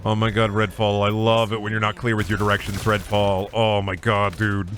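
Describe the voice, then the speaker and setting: A man's voice: lowish voice, completely flat delivery, normal speed, fairly bright tone, slight background noise. A young adult man streaming a game, chatting in a rambling, profane, joking way. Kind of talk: casual livestream chat.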